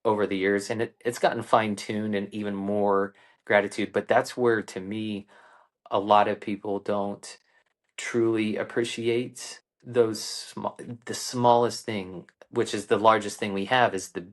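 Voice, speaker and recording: Earnest low-voiced man telling a story. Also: flat delivery. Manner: earnest, unhurried, frequent ums and restarts. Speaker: guest, coach. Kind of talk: reflective conversational storytelling.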